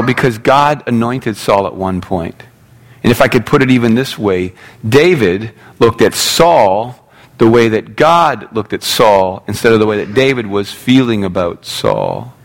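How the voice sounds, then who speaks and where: A man preaching a sermon in a casual, animated storytelling way, acting out the characters' lines as he goes. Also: medium pitch. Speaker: pastor.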